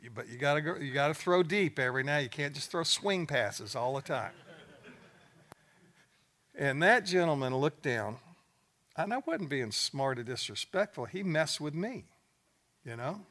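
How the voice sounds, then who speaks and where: A man's voice: a little high, fairly bright tone. An older man, a coach, giving a folksy, plain-spoken sermon to a room of men, telling stories with joking asides. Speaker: speaker at a men's gathering. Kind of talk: sermon with storytelling.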